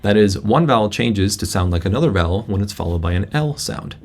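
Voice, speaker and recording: Male instructor, deep fry in the voice, halting tutorial delivery, laptop mic. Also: lively intonation. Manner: casual, halting, many restarts. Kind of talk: screen-recorded software tutorial. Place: indoor room at a laptop. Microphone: laptop built-in microphone.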